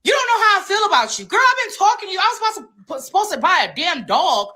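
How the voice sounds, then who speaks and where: A woman's voice: extremely high pitch, very animated, fast talker, bright, forceful tone. A woman in a heated, profane rant to camera, indignant and repetitive.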